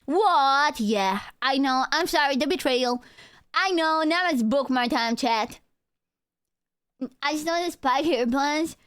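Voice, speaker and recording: A woman's voice: high-pitched, lively intonation, a little slow, a bit bright, no echo. A young woman VTuber streamer chatting casually and playfully with her chat on a close mic. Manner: playful, joking, talks to chat.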